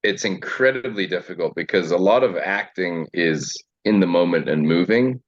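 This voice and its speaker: A young South African actor chatting casually in an interview, relaxed and quick to laugh, with filler words. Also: male voice, deep voice. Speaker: actor guest. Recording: dull lo-fi sound.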